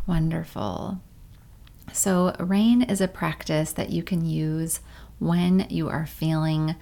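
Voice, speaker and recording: A woman leads a guided meditation in a calm, unhurried manner. Her voice sits low and slow, with a gravelly fry at the ends of phrases. She sounds like a parent in her thirties.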